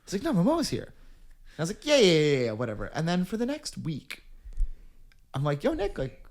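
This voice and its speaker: A man's voice: a little high, a little fast. A man hosting a podcast, chatting casually and acting out quoted exchanges in a story. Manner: animated, acts out quotes. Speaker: podcast host. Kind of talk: casual chat.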